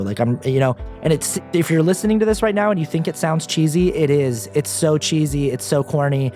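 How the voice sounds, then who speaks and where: A man's voice: on the high side, brisk, few pauses, warm tone, faint music behind. A young man talking candidly as a podcast guest, earnest and self-deprecating, with casual fillers. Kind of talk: candid personal interview talk.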